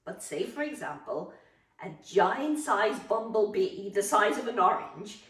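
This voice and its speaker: Woman, drama teacher, guided breathing, slow counting, distant mic. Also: mid-range voice, animated, a bit bright. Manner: slow, encouraging counting instructions. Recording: echoey room, voice from off-mic.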